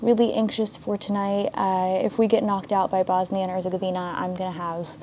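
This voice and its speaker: A young woman talks casually to her vlog camera at home while getting ready for the day. Her voice is mellow and darker than most, and she rambles with fillers and little asides. A faint hiss sits behind her. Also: medium pitch, flat delivery, fairly quick. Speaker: vlogger.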